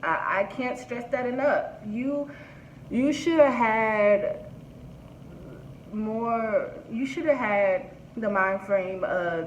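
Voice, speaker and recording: A blunt woman vlogger talks in a higher register, outspoken and quick to swear. Her voice rings in an echoey room on a dull, lo-fi recording with a faint hiss. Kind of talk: casual commentary.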